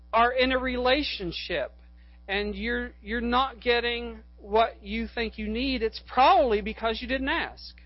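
A man's voice: sits high, no room sound. A male pastor preaching a sermon, a rambling storyteller who corrects himself and rises to fervent appeals. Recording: dull lo-fi recording.

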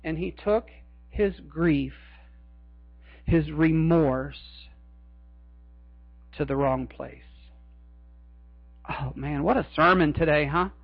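A male pastor preaching a sermon in a church, dramatic, swinging between loud cries and hushed asides. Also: on the high side, takes it slowly, pauses often, breathy edge, no echo, phone-quality sound.

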